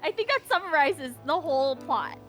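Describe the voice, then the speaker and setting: A young woman co-hosting a podcast, chatting casually through a book recap with lots of fillers and quick acted-out quotes. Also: sits high, animated, over music. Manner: bubbly, many fillers, acts out characters' lines. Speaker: podcast co-host.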